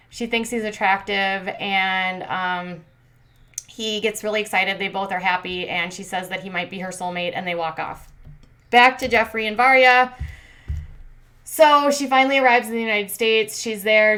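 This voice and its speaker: A woman's voice: mid-range voice, a bit bright. A woman hosting a commentary channel, recapping a reality show in a chatty, filler-heavy way with sarcastic asides.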